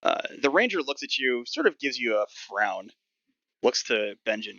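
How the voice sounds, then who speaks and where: A man's voice: mid-range voice, big pitch swings, moderate pace, sharp tone, no echo. A man narrating as game master of a tabletop game, describing scenes loosely with plenty of fillers. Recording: dull lo-fi dry mic.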